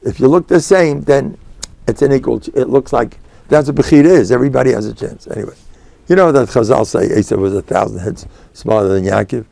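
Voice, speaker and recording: An older American man, a rabbi and spiritual mentor, gives a Torah lecture in a mid-range, creaky, mellow voice at a slightly quick pace. He tells stories digressively, sprinkling Yiddish and Hebrew terms throughout. The recording is dry.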